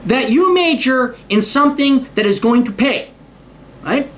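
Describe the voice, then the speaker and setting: A man's voice: very high-pitched, expressive, a little slow, fairly bright tone, slight background noise. A man hosting a ranting monologue, profane, sarcastic and worked-up. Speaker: host.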